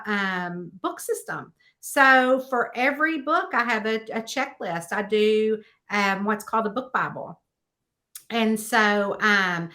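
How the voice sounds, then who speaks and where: A woman author chatting in an interview, telling stories in an animated way with plenty of fillers like "um" and "you know.". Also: mid-range voice. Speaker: guest author. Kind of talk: casual interview chat.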